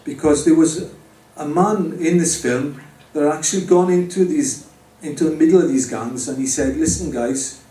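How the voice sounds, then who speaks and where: A man's voice: a little high, normal speed, few pauses, dark tone. A man giving a personal faith testimony to a live audience, speaking conversationally and addressing the listeners directly. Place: pub or club venue with an audience. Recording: roomy, distant mic with faint background noise.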